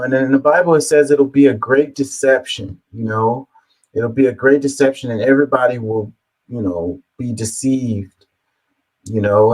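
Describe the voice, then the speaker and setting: A man's voice: mid-range voice, low-quality recording. A man hosting a reaction video, musing aloud in a rambling way with lots of fillers. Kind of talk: casual reaction commentary.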